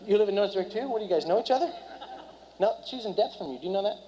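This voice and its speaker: A man giving a live seminar talk to an audience, talking rapidly and keeps quizzing the crowd. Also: high-pitched, expressive, mellow. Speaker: seminar speaker and business trainer. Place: meeting room before a live audience. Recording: dull lo-fi recording.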